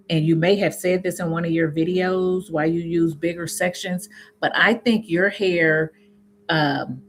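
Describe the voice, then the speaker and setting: A woman with a Southern US accent, chatting casually with viewers on a live stream, reading comments aloud and answering them with sudden high, laughing exclamations. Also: slight background noise. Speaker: YouTube host answering live chat.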